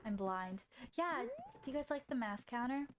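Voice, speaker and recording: A young woman streaming games, chatting casually with her viewers, excitable and quick to swear, gasp and shriek. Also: on the high side, a little hiss or hum. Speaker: game streamer. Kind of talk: casual live-stream chat. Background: faint game music.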